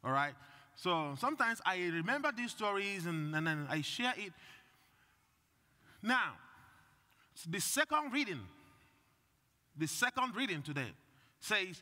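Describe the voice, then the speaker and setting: A man's voice: high voice, sing-song, unhurried, pauses often, pushed and bright. A male priest giving a conversational sermon and putting questions to the congregation. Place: church. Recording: long reverb in a church.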